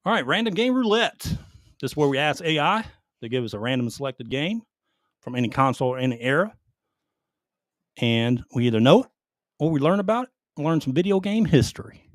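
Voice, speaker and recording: Male podcast host, lively swooping pitch, dry close sound, playful and teasing. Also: a little fast, dry recording. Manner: teasing and hyped. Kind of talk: casual chat.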